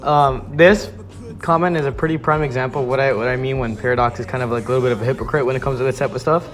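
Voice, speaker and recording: A man's voice: mid-range voice, steady tone, racing, soft background music. A man giving an exasperated ranting commentary on viewer comments, swearing often and restarting his sentences. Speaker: YouTube commentator.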